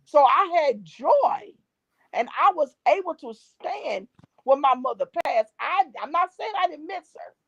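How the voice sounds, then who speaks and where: Brief: middle-aged woman, gospel guest, emphatic preachy testimony, somewhat high voice, dull lo-fi line. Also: sing-song, a little slow. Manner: preachy, emphatic, repeats key phrases. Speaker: gospel singer and drummer, guest. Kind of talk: casual interview, faith testimony. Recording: dull dry lo-fi recording.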